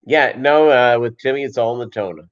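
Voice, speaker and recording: A man hosting a casual livestream, rambling with many fillers and pauses and reading chat comments aloud. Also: mid-range voice. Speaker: livestream host. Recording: dull lo-fi stream audio.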